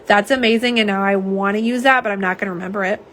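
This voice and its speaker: A woman's voice: mid-range voice, steady tone, quick pace, slight background noise. Chatty woman live-streaming swatches. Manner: chatty and warm, lots of fillers and asides. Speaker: nail polish swatcher. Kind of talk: live-stream chat, reading viewer comments. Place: home office.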